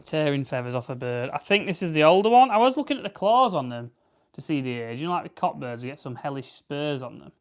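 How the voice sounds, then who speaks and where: A man's voice: a little high, lively intonation, fast talker. A young man with a South Yorkshire accent, chatting casually on a livestream and answering viewers while he plucks birds. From South Yorkshire, England. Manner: chatty, rambling, reads out viewer comments. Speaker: livestream host. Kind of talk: casual live-stream chat while plucking grouse.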